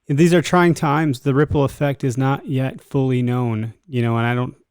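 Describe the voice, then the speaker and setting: A man's voice: mid-range voice, steady tone, normal speed, a little mellow, clean tone, dry recording, studio quality. A man hosting a casual interview, talking through his questions in a conversational way. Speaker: host. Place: Wisconsin.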